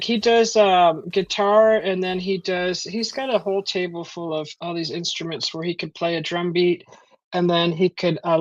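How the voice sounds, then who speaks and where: A woman's voice: on the low side, dry recording. Rambling woman chatting with her stream. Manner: rambling, many fillers and restarts, chuckles often. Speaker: live stream host. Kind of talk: casual chat reading out live chat. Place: at home. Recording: dull lo-fi stream audio.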